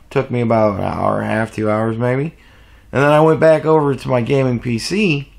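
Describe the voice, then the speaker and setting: A man's voice: medium pitch, gravelly. A man telling a rambling, profane story in a casual vlog rant. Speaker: vlogger.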